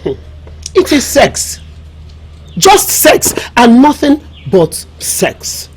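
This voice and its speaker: A woman's voice: a little high, very animated, extremely slow, darkish tone, slightly rough, soft background music, full character voice. An actress playing a wise village mother with a Nigerian accent, counselling her daughter through proverbs. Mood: knowing. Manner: knowing, proverb-laden counsel.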